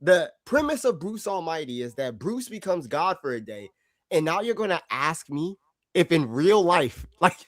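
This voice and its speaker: A man's voice: a little high, big pitch swings, moderate pace, no echo, studio quality. A man commenting on a debate, incredulous and repeating himself. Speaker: panelist.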